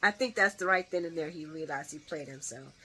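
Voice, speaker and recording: Bright-voiced woman, animated recap vlogger. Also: low-pitched, a little fast. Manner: animated and expressive, laughs a lot, swears freely. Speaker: soap opera recap vlogger. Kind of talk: casual episode recap.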